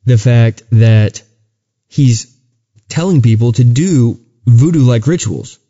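A man's voice: mid-range voice, slow, dark tone, lo-fi sound. A man co-hosting a podcast, telling a story of his faith in an earnest, casual way, often stumbling and restarting. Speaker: podcast co-host. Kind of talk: casual chat and testimony.

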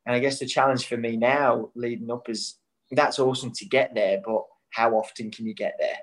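A man's voice: medium pitch, steady tone, normal speed, rough recording. A young man from Australia, a national team footballer, with a Scouse-like Irish-Australian accent, chatting casually in an interview and rambling through restarts as he gets spirited. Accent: Irish-Australian mix, Scouse-like.

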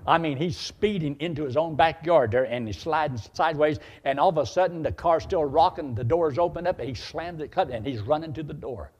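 A man's voice: a little high, brisk, few pauses. A male preacher telling a personal story in a sermon, acting out the dialogue as he goes. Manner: animated, acts out dialogue.

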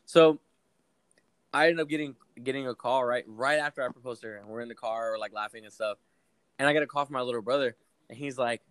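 A man's voice: medium pitch, fast, a bit bright, smooth, no echo. A young man casually telling a long story to friends, rambling and profane with lots of fillers. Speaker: podcast co-host telling a story.

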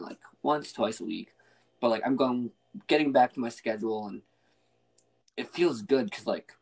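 Young guy hosting a podcast, just chatting, rambly, lots of um and like. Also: mid-range voice. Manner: relaxed, rambling with fillers and restarts. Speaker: podcast host. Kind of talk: casual chat.

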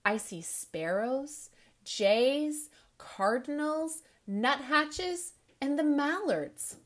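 A woman voicing a quiet, patient principal. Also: sits high, animated, drawn-out words, voice pushed up, heavily acted. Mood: soothing. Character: kind, calm male school principal.

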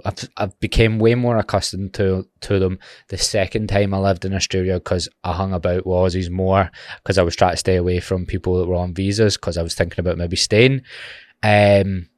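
A man's voice: deep voice, flat delivery, moderate pace, darkish tone, dry recording, clean studio sound. A young man with a Glaswegian Scottish accent, hosting a solo podcast in a rambling, sweary, jokey way. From Glasgow, Scotland. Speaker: podcast host. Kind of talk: casual solo podcast chat.

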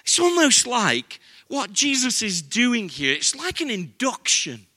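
A man's voice: very high voice, wildly swooping pitch, measured pace, pushed and bright. An older man with an English accent, preaching a sermon as pastor in an earnest, conversational way.

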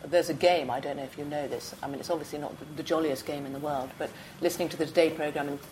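A woman hosting a studio panel discussion, musing in a measured way with hesitant restarts. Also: sits low, steady tone, darkish tone, a little hiss or hum. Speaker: radio discussion host.

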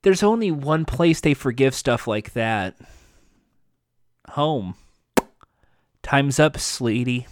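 A world-weary woman who has seen it all offers soft, tired advice, as a recapper reads her lines. She speaks slowly and evenly, and the sound is dry and close. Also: mid-range voice, animated, no echo.

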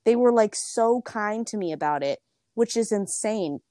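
A woman's voice: mid-range voice, animated, moderate pace, mellow, no echo, clean studio sound. A young woman, telling a personal story in casual chat, with lots of fillers and quotes she acts out. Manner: chatty, frequent "like" fillers.

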